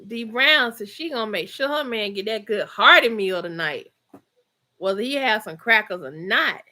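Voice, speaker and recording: A chatty Georgia woman in middle age runs a relaxed home livestream, reading viewers' comments aloud as she talks. Her medium-pitched voice is expressive, bright and forceful, moving at a normal speed, and she laughs a lot and sprinkles in Southern slang.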